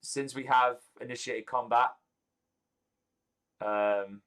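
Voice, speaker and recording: A man's voice: on the low side, unhurried, fairly bright tone. A man acting as game master of a tabletop game, talking hesitantly with many fillers as he keeps track of the turns. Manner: hesitant, full of fillers, bookkeeping aloud.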